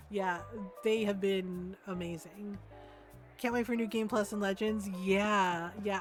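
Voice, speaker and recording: A middle-aged woman streaming a game, chatting casually with many fillers and frequent laughs. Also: mid-range voice. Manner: chatty, laughs often, full of fillers and restarts. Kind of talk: casual gaming stream chat.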